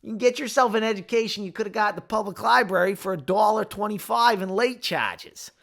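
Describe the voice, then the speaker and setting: A man's voice: sits high, a little fast, gravelly, fairly bright tone, pitched above the performer's own voice. A man putting on an exaggerated Boston accent to play a brash man. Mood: mocking. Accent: put-on Boston.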